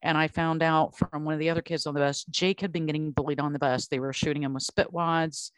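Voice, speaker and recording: A woman's voice: sits low, fairly even intonation, quick pace, no room sound. A woman hosting a casual podcast chat, speaking bluntly and emphatically as a parent advocate.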